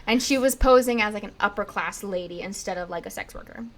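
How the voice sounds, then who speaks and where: A woman's voice: mid-range voice, quick pace. A young woman casually telling a history story on a podcast, chatty and full of "like", acting out quotes. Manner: chatty, lots of "like", acts out quotes in lively bits.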